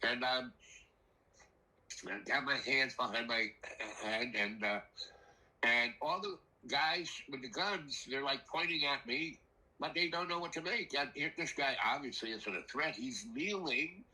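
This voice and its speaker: An older man telling a rambling personal story in a casual, animated way, acting out the voices of the people in it. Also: mid-range voice, measured pace, poor audio. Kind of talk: casual spoken anecdote.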